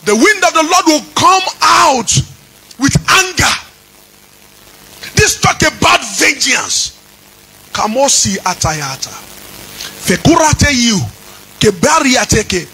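A man preaching a sermon as pastor, chanting his lines and rising into shouts. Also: very high-pitched, lively intonation, takes it slowly, vocal fry, pauses often, poor audio.

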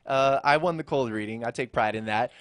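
A young man hosting a casual studio chat, telling stories in an animated way and laughing often. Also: medium pitch, fairly quick, noisy background. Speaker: host. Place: radio/TV studio.

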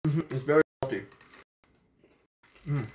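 A woman with a strikingly deep voice hosts a casual taste-test vlog. She rambles in a jokey, chatty way, often restarting her sentences. A faint hiss sits under the recording. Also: a little slow. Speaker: vlogger.

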